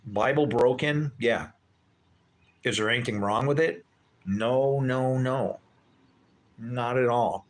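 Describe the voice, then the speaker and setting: A man's voice: mid-range voice, slow pace, long pauses. Guy doing a loose bible talk, medium voice, keeps asking the audience questions, swears a bit. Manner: conversational, asks rhetorical questions, swears casually. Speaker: Bible teacher. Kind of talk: casual unscripted Bible talk.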